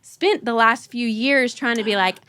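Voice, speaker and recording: Bright-voiced woman telling a story. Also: on the high side, moderate pace, a little hiss or hum. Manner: animated, laughing, acting out her kids' voices. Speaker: podcast host. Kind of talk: casual conversational storytelling.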